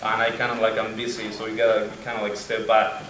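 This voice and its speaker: A young man with an accent telling a lively story at a veterans' panel, often laughing and acting out voices. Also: fairly low pitch, fast. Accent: non-native accent. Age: young adult. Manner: animated, laughing, acts out voices in anecdotes. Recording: echoey room, mic far off, faint noise.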